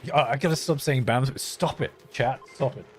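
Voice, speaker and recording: A man's voice: medium pitch, moderate pace, slight background noise. A man casually live-streaming a game, thinking aloud as he builds and chatting playfully with his viewers.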